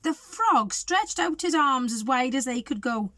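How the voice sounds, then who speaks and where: A woman's voice: high voice, lively intonation, a little slow, fairly bright tone, no echo. A woman reading a picture book aloud to children, asking them coaxing questions. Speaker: storybook reader for children.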